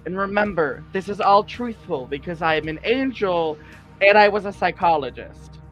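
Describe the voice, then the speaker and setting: A man voicing a scheming female vampire doctor who poses as a guardian angel on the phone, calm and matter-of-fact. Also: sits high, moderate pace. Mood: persuasive. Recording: muffled audio with faint music.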